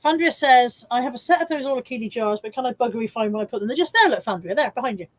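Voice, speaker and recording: A woman's voice: on the high side, lively intonation, rapid-fire. A woman hosting a casual live stream, showing car boot finds and reading viewer comments with chatty, self-mocking asides, hiccuping now and then.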